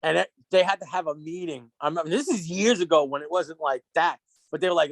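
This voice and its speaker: A man's voice: high voice, animated, fast talker, no echo. A man filling in as co-host, telling rambling, profane stories in casual chat. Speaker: guest co-host.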